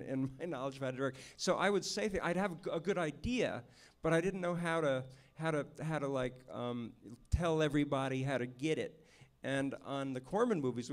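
A man, a film director, telling lively stories at an audience Q&A and acting out the people in them. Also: fairly high pitch. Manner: animated storyteller, acts out the people he quotes. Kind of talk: storytelling at a Q&A. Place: stage at a film screening venue.

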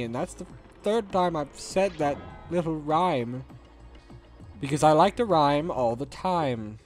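A man's voice: a little high, lively intonation, measured pace, soft background music. A man hosting a let's play, rambling through gameplay commentary with sarcastic, jokey asides.

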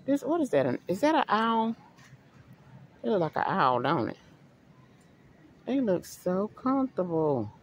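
A middle-aged woman chats to her viewers in a casual shopping vlog while browsing a large store and pondering what to buy. Her medium-pitched voice is very animated yet a little slow, with long pauses. The low-quality recording has a slight hiss or hum and store ambience.

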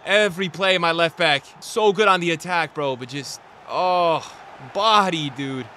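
A man streaming a football video game, talking to his chat in slangy, repetitive commentary that jumps from shouting at the referee to low muttering. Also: measured pace, a little hiss or hum. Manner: swings between shouted outbursts and low muttering; slangy, repeats himself. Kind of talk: live gameplay commentary.

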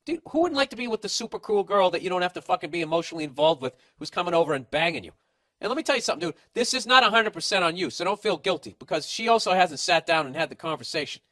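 A man's voice: high-pitched, animated, rapid-fire, fairly bright tone, no room sound. A man hosting a podcast, reading listener letters and giving blunt, profane advice in a casual, ranting monologue.

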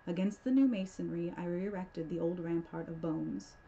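A woman on the library staff giving a measured, theatrical reading of a horror tale. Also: on the low side, steady tone, vocal fry, warm tone, slight background noise. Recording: dull lo-fi recording.

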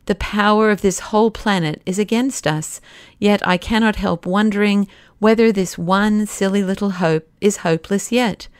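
A woman voicing a gloomy, hopeless middle-aged male inspector who speaks quietly and grimly. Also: medium pitch, normal speed, smooth, dry recording, studio quality, lightly acted. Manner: quiet, grim.

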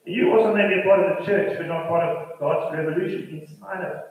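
A man's voice: high-pitched, fairly even intonation, quick pace, phone-quality sound. A man preaching a sermon as pastor, building his points through rhythmic repetition, recorded from a distance in a church. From South Africa. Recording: roomy church hall from a distant mic.

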